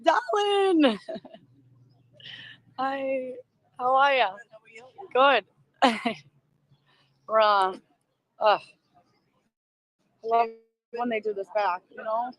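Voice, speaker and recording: She speaks on the high side with fairly even intonation, extremely slowly and with frequent pauses, her sound a bit bright with no echo and poor overall audio. This middle-aged livestream host with a Boston accent is outdoors in a crowd, using a phone on a selfie stick for casual commentary, chatting emotionally, laughing often and greeting viewers.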